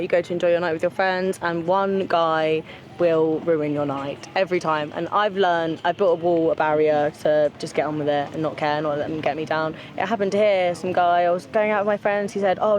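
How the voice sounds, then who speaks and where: A woman's voice: lowish voice, steady tone, brisk. A British woman from the UK, telling her story frankly and with animation in a street interview. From United Kingdom. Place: busy city street outdoors. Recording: outdoor street crowd noise.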